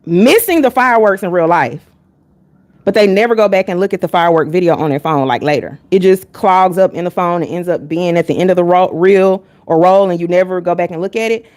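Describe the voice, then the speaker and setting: A woman's voice: lowish voice, fairly quick, darkish tone. A woman reading tarot on a live stream, talking casually and bluntly. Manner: candid and blunt, chatting with chat between readings.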